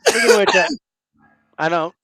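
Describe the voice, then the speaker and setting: A man's voice: high voice, wildly swooping pitch, moderate pace, vocal fry, sharp tone, no echo. A middle-aged man co-hosting a casual chat over drinks, joking and teasing. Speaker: podcast co-host.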